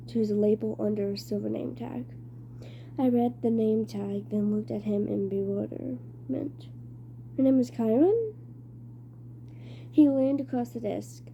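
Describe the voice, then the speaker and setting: A woman reading a novel aloud, slowly and with frequent stumbles and restarts. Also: a little high, vocal fry, dark tone, highs cut off, a little hiss or hum. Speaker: reader.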